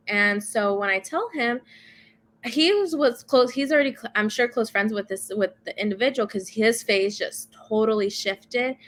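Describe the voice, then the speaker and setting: Bright-voiced woman telling a workplace story. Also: mid-range voice. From first-generation Latina in the United States. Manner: animated, quotes others in dialogue. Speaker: guest. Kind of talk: conversational storytelling.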